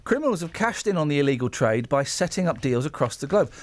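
Excitable radio host, lively pitch. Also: male voice, no echo. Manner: joking, excitable, quick to exclaim. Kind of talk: casual radio banter. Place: radio studio. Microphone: studio microphone.

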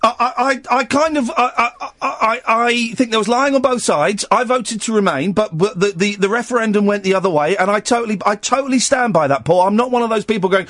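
A man's voice: high voice, fairly quick, few pauses, a bit bright, no echo. A man hosting a late-night radio phone-in, bantering with callers and often stammering over his words.

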